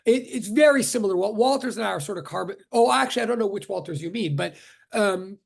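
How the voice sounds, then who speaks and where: A man's voice: high-pitched, lively intonation, fast, creaky. A middle-aged man from Brooklyn teaching physics over a video call, rambling, joking and interrupting himself as he reads the chat. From Brooklyn, New York. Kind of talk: casual class introduction on a video call.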